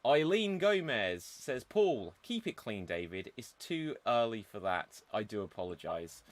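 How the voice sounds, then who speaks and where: Brisk male improv show host. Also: lowish voice, sing-song, no echo. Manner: brisk, organizing, reads audience comments aloud. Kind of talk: live-streamed show hosting.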